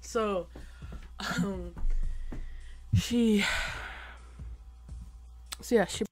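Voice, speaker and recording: A teenage boy telling a personal story to camera, halting and rambling with lots of fillers. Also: high-pitched, fairly even intonation, darkish tone, no echo, faint music behind. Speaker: vlogger.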